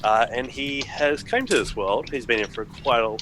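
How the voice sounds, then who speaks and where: A man's voice: medium pitch, moderate pace, background noise. Easygoing man introducing his character. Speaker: player.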